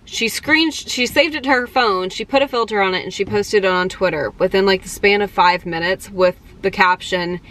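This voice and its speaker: A woman's voice: medium pitch, normal speed, hardly any pauses. Chatty young woman telling stories. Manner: excited, chatty, many "like" and "um" fillers. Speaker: vlogger. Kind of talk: casual storytelling to camera.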